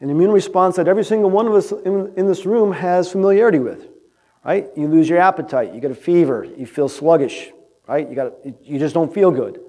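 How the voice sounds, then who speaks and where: A man's voice: a little high, brisk, warm tone. A man presenting research as a conference lecture, talking conversationally to a room and checking in with the audience often. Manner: conversational, asks "right?" often. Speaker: animal science researcher presenting.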